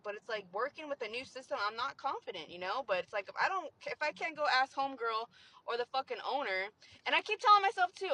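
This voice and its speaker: On a low-quality recording with a bit of hiss or hum, a young woman whose sharp voice runs high complains about work in a vlog. Her venting is loose and meandering, full of curses and constant "like" fillers, and she sounds thoroughly fed up.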